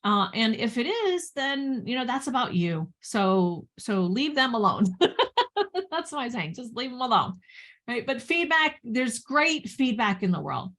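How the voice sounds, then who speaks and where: A woman's voice: fairly high pitch, very animated, moderate pace, fairly bright tone. A woman business coach talking casually about communication, chatty, with frequent "right?" and "you know" and laughs between points. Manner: chatty, lots of fillers and tag questions.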